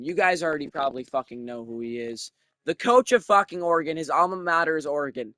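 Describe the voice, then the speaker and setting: A young man giving casual, profane commentary while playing a video game, thinking out loud and getting excited. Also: on the high side, fairly quick, no room sound, clean studio sound. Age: young adult.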